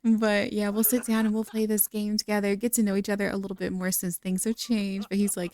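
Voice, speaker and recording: A woman's voice: mid-range voice, flat delivery, a little fast, few pauses, darkish tone. A young woman giving chatty, giggly let's-play commentary on a life-simulation game. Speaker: gaming content creator.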